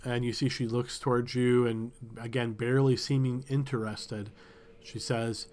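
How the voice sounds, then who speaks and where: A man narrating a tabletop game as game master, relaxed and searching for words. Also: mid-range voice, moderate pace.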